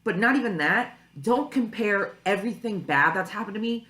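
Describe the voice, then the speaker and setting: Vlogging to camera at home early in the day, the young woman rambles chattily, filling her talk with "like" and "you know." Her mid-range voice has lively intonation, a normal speed, and a fairly bright tone, and the camera mic catches an echoey room.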